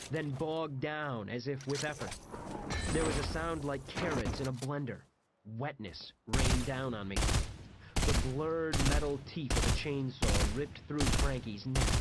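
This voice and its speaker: A man reads a first-person horror story in a mid-pitched voice with dramatic flair. Loud gunfire and clicks crackle behind his narration. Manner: dramatic, shouts out quoted lines.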